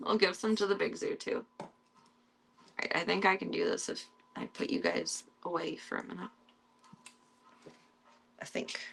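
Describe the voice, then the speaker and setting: A young woman with a slightly bright voice and a gravelly edge chats casually on her stream while feeding her pets. She keeps up a steady patter and calls to the animals in a high, coaxing tone.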